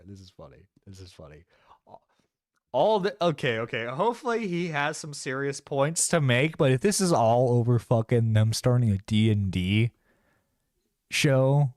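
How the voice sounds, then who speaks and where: A man's voice: medium pitch, animated, unhurried, a little mellow, no echo, clean studio sound. A man hosting a live stream, reacting to a video with sarcastic, profane commentary and frequent laughter. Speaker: stream host.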